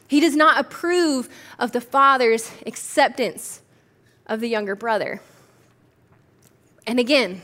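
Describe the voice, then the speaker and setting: Young woman preaching, high bright voice, acts out the characters as she tells it. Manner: animated storytelling, acting out quoted characters. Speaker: pastor. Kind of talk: sermon.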